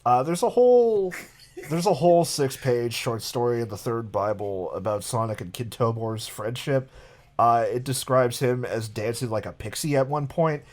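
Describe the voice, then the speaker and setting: A man's voice: mid-range voice, normal speed, darkish tone. A man co-hosting a casual podcast, explaining odd details with dry amusement. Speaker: podcast co-host presenting research.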